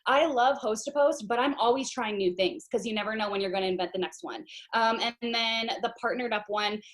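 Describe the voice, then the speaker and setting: A woman leading a sales team on a video call, giving a lively pep talk and addressing the group as "you guys". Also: a little high, a little fast.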